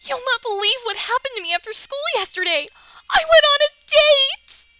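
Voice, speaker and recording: A woman voicing an excitable young woman best friend in a game, gushing in a high, breathless voice. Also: normal speed, noisy background. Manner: shrill, gushing, breathless chatter.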